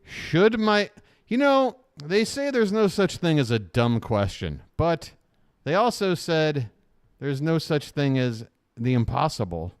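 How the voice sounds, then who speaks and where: A man with a slightly high, sing-song voice hosts a live stream, unhurried, with a clear, resonant tone. In casual riffing commentary on a video, he is sarcastic and jokey, swears, and does mocking voices.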